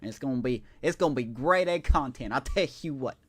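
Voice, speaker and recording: A man's voice: mid-range voice, animated, a little fast, natural voice. A man putting on a joking, exaggerated good-ol'-boy voice with a put-on Southern US drawl and folksy catchphrases. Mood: hammy.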